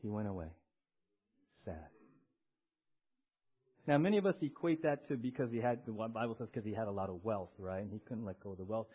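A man's voice: medium pitch, slightly rough. A male pastor preaching a conversational sermon, often checking in with the congregation and having them respond. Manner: conversational, tags lines with "right?" and has the congregation respond. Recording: dull lo-fi recording.

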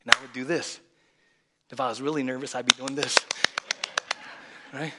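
A male pastor preaching a lively sermon, swinging from loud exclamations to hushed near-whispers and calling for congregation responses. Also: mid-range voice, normal speed, long pauses, very noisy. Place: church.

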